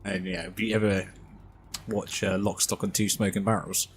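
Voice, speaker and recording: A man with a very deep voice, chatting casually while he streams a game. He swears freely and laughs easily over a clear hiss from a home mic. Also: little pitch movement, moderate pace. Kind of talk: casual gaming chat.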